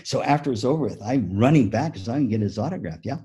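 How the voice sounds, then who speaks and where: Mellow husky man giving a keynote. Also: mid-range voice, quick pace. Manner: animated storytelling with acted-out quotes. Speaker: keynote speaker. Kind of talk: conference keynote talk.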